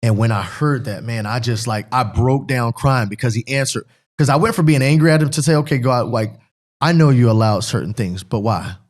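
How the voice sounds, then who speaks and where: Middle-aged man, personal testimony, rambling, repeats himself, earnest, mid pitch. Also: brisk. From Pennsylvania. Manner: rambling and repetitive, earnest, breaks up with emotion. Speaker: guest, former football player.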